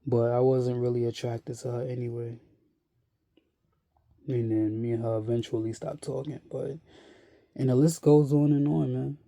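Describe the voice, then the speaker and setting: A man speaking a casual monologue to camera, blunt and profane, sounding weary and worn out, halting and repeating himself often. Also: medium pitch, level tone, creaky, dark tone. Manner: slow, halting and repetitive, with many restarts. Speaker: vlogger.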